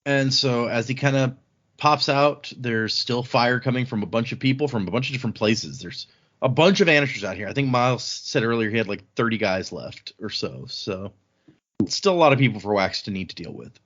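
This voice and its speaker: A man in an easygoing podcast chat, walking his co-hosts through the plot with animated, rambling energy. His voice sits at a middling pitch. The recording is a touch dull and lo-fi. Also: brisk. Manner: rambling, animated retelling with frequent restarts. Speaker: podcast host recapping chapters. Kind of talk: casual chat. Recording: slightly dull lo-fi sound.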